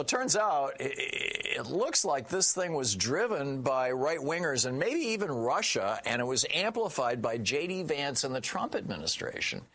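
A man's voice: medium pitch, sharp tone. A man doing solo political commentary, reading news quotes aloud with indignant, sarcastic asides and many fillers.

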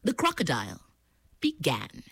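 A woman telling a folk tale aloud, animated and playful, with sound effects and asides. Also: low-pitched, a little slow, creaky, breathy edge. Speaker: storyteller. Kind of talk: oral storytelling performance.

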